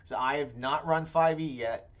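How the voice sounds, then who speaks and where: A man's voice: medium pitch, moderate pace, a bit bright, lo-fi sound. A man co-hosting a casual talk show, rambling playfully and trailing off into mumbles. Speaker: podcast co-host. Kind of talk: casual chat.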